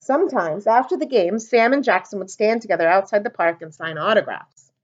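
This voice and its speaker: A woman reading a children's storybook aloud for a library storytime, expressive and animated. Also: mid-range voice, a little fast. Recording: dull lo-fi recording.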